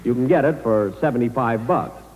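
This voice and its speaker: A man's voice: medium pitch, moderate pace, phone-quality sound. A man hosting a 1940s radio comedy, hesitant and exasperated, full of "uh"s, heard on an old broadcast from a hall. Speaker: comedian host. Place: live show before troops in a hall.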